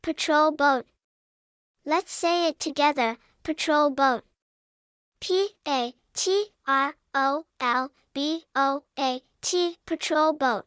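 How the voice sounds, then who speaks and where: Slow, high-voiced woman teaching kids words. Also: no echo, clean studio sound. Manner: slow, even spelling-out with cheerful sound words. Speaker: vocabulary teacher. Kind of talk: scripted kids' lesson narration.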